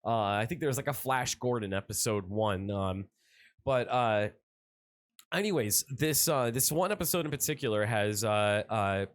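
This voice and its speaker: A man's voice: fairly low pitch, moderate pace. A man co-hosting a podcast in casual chat, rambling and full of fillers and restarts. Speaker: podcast co-host.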